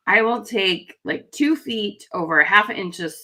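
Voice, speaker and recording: Bright-voiced woman hosting a livestream. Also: medium pitch, a little slow. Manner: friendly, chatty, reacting warmly to viewer comments. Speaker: livestream host. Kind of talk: live stream greeting chat viewers.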